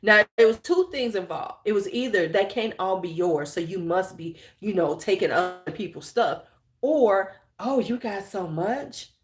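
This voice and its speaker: Host type: outspoken woman in casual live chat, profane and animated, echoey room. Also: medium pitch, moderate pace. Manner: blunt, profane, animated storyteller; reads and answers viewer chat. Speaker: channel host.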